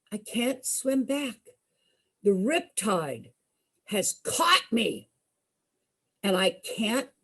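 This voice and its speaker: A woman's voice: medium pitch, slightly rough. A middle-aged woman entertainer telling a personal story to a group, acting out the voices she quotes. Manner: animated, acts out quoted voices. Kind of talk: storytelling to an audience.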